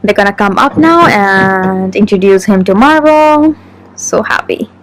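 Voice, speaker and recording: A woman vlogging casually, chatting excitedly and talking straight to her viewers. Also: medium pitch, a little slow, slight background noise, low-quality recording. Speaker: lifestyle vlogger. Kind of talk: casual vlog narration to camera.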